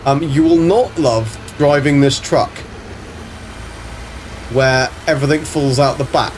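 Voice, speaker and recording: A man's voice: mid-range voice, measured pace, a little hiss or hum. A man casually commentating a game on a live stream, chatting to viewers, swearing freely and greeting them by name. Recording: faint background music.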